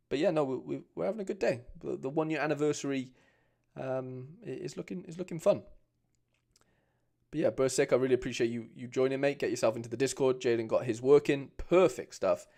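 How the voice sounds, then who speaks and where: A man's voice: medium pitch, darkish tone. Male streamer, casual and informal, lots of restarts, mid-range voice. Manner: chatty, informal, reads viewer comments aloud, frequent restarts. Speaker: streamer reviewing fan card collections. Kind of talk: casual live stream chat.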